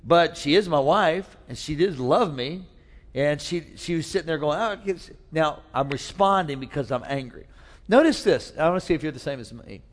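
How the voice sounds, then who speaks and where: A man's voice: on the high side, lively intonation, normal speed, big-room sound. A man preaching a sermon, telling a funny personal story and acting out voices for laughs. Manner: storytelling with humor, acts out voices. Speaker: pastor.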